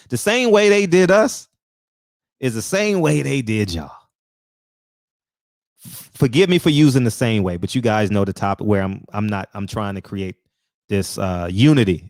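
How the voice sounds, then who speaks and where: Swinging high and low, a man hosts a casual, heated, profane monologue of opinions, peppered with rhetorical questions and words repeated for emphasis. The recording is studio quality with no echo.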